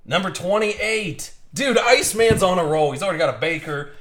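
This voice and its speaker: A young man hosts a live card-opening stream, his voice high, fairly bright, and at normal speed. He chats casually and rambles through stories with plenty of restarts.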